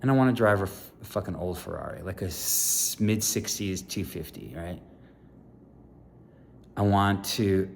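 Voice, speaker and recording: A man in his fifties, a contractor, swearing constantly in a personal rant to camera, swinging from loud outbursts to quiet musing. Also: deep voice, measured pace, vocal fry, slight background noise. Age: 50s. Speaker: contractor and aspiring sandwich maker.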